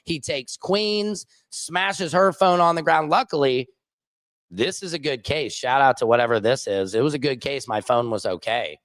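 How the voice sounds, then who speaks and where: A man's voice: a little high, normal speed, fairly bright tone, no echo. A man hosting a casual livestream, telling rambling anecdotes full of fillers and asides. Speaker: host. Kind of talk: casual livestream chat and storytelling.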